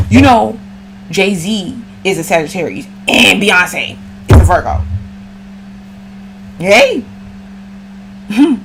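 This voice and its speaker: A woman's voice: mid-range voice, vocal fry, slight background noise. A woman giving a casual, slangy astrology reading and talking straight to the viewer. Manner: slangy, chatty, addresses viewer directly. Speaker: astrology reader.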